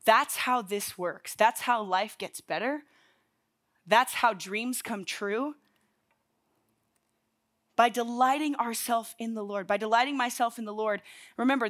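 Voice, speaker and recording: A woman's voice: on the high side, a bit bright. A young woman giving a casual, chatty sermon in a packed church hall, laughing at her own stories. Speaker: young adults speaker.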